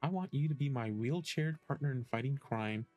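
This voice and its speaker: A man's voice: mid-range voice, moderate pace, a little mellow, lo-fi sound, soft background music. Man thinking aloud over a game. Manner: hesitant, thinking aloud with many ums. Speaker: gaming streamer. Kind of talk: casual let's-play commentary.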